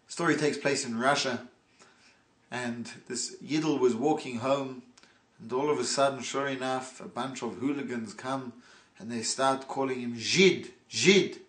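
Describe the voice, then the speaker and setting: A male rabbi giving a sermon, slow and emphatic with dramatic pauses. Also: medium pitch, reverberant.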